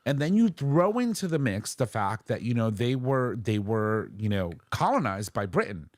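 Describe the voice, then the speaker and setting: A man's voice: mid-range voice, moderate pace, dry recording. Podcast guy telling a story, voice jumps all over, dry close mic. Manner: animated storyteller, quoting others in lively voices. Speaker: podcast host. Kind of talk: casual chat.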